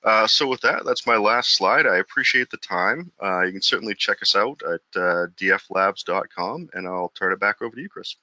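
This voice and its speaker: Very low voiced guy with a sharp bright tone, lots of uhs, dry muffled audio. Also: animated, moderate pace, hardly any pauses, no echo. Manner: hesitant, many fillers. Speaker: webinar presenter. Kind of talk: product demo over slides. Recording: dry, dull lo-fi webinar audio.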